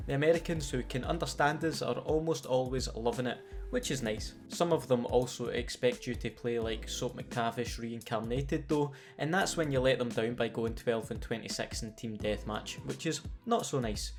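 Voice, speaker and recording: A man's voice: mid-range voice, darkish tone. Sweary sardonic Scottish man. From Scotland. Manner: sardonic and sweary, playful storytelling. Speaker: gaming YouTuber. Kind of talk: scripted comedic commentary.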